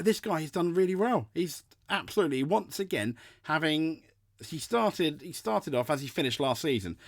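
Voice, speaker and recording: A man's voice: mid-range voice, no room sound, clean studio sound. A man hosting a motorsport show, giving a casual race preview and often restarting and repeating his phrases as he talks. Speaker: motorsport podcast host.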